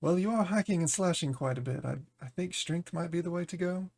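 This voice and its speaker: A man's voice: sits high, a little fast, vocal fry, darkish tone. A man hosting a let's play video, giving casual game commentary with a dry, teasing manner.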